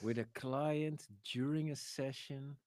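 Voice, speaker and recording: A man's voice: medium pitch, steady tone, takes it slowly, a little mellow, no echo. A man co-hosting a livestream, cracking dry, mock-serious jokes. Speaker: livestream co-host. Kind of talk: casual livestream banter.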